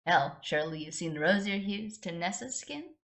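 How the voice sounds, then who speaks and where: A woman's voice: on the low side, lively intonation, moderate pace, vocal fry. A woman reading the lines of an intense, proud young woman in an earnest, clipped voice.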